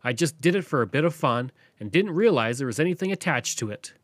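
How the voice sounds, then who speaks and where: A man hosting a podcast, narrating history from a script in a lively storytelling way. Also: medium pitch, fast talker, no room sound. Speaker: podcast host.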